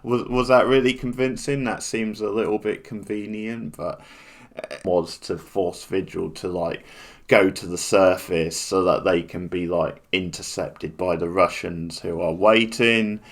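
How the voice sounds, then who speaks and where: A man talks through a TV finale in a loose, casual way. He keeps restarting his sentences and leaning on fillers, and his voice sits low. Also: fairly even intonation, unhurried. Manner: rambling, with many restarts and fillers. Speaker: TV reviewer. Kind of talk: casual spoken review.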